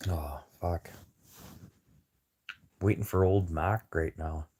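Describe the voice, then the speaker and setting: A man's voice: sits low, extremely slow, a bit bright, husky. A man livestreaming a casual, rambling chat with viewers over a phone, talking in a blunt, profane way.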